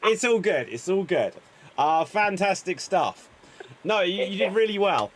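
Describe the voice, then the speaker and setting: A man's voice: sits high, very animated, unhurried, slight background noise. A man hosting an improv game, upbeat and encouraging as he announces players. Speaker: improv show host.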